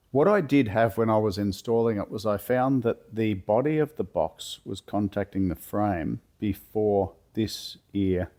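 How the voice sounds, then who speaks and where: Hoarse low-voiced man in a garage. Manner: relaxed, plain-spoken, talks through each task. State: hoarse from a cold. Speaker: workshop builder demonstrating a chassis rebuild. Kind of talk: casual step-by-step how-to explanation. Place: home garage workshop.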